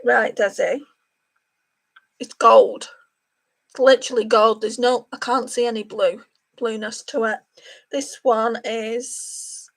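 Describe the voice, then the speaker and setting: A woman chatting casually to viewers by name while she does her makeup on a livestream. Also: a little high. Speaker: beauty livestream host.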